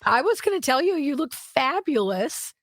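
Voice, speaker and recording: A hoarse woman co-hosting a podcast, gushing and giggling as she chats. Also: sits high, big pitch swings, moderate pace, no echo, studio quality. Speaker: radio podcast co-host. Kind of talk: casual chat.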